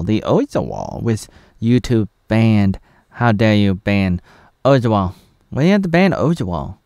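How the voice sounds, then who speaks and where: A man's voice: fairly low pitch, darkish tone, no echo, clean studio sound. A man in his thirties from Oregon, casually reviewing a TV episode in a meandering, rambling way with chuckling asides to himself. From USA (Oregon). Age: 30s.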